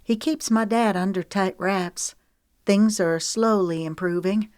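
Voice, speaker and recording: A woman's voice: mid-range voice, measured pace, a little mellow, no echo, clean studio sound, voice pushed up, lightly acted. Woman voicing a wry young woman singer. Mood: rueful.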